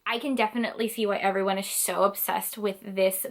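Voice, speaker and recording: A woman's voice: medium pitch, steady tone, brisk. A young woman book vlogger talking in a rambling, casual way, with lots of fillers, emotional and close to tears at times. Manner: rambling, filler-heavy, 'like' often. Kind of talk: casual vlog chat.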